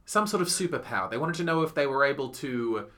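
A man's voice: medium pitch, animated, quick pace, sharp tone. A man hosting a casual podcast, asking short questions and laughing along. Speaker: podcast host. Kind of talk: casual chat.

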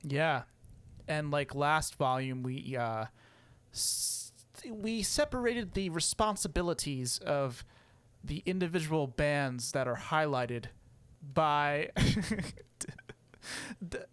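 Young male podcast co-host, clear, close, dry sound, rambly and playful, laughs a lot. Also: fairly high pitch, expressive, takes it slowly, fairly bright tone, dry recording. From United States. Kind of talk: casual chat.

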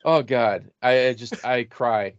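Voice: mid-range voice, slow pace, dry recording. A podcast co-host chatting casually about a film, laughing and agreeing with enthusiasm. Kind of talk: casual movie recap chat. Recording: dry, dull lo-fi audio.

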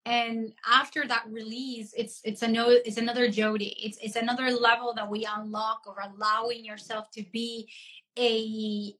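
A woman's voice: fairly high pitch, level tone, normal speed, a bit bright. A woman coach hosting a live chat, praising her guest and repeating her words as she goes. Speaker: host, coach. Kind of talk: casual chat on a live stream. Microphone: video call.

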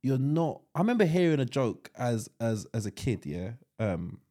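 Excitable man with lively pitch. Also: normal speed. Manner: excitable, repeats words, teasing. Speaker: podcast co-host. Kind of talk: casual chat.

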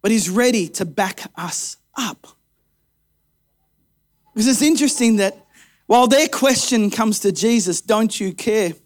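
High-voiced male pastor preaching intensely. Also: expressive, measured pace, long pauses. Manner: dramatic, swings between quiet intensity and rising emphasis. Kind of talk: sermon.

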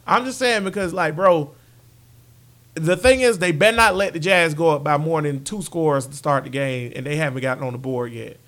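A man with a high voice co-hosts a casual sports podcast. He jokes constantly, trading banter and slipping into silly bits. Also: normal speed, fairly bright tone. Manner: joking, does silly impressions and sings. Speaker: podcast co-host.

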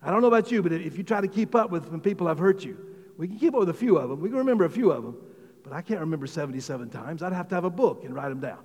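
A man preaching a sermon as pastor, talking conversationally with many restarts and repeated words, and getting louder and higher when he exclaims. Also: lively intonation, very fast, in a large hall. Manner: rises in pitch and volume when exclaiming.

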